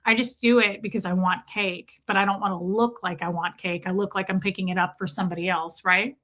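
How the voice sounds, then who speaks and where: A woman's voice: medium pitch, fairly even intonation, fairly quick, a bit bright. A woman live streamer chatting casually with her viewers, telling rambling, self-mocking stories.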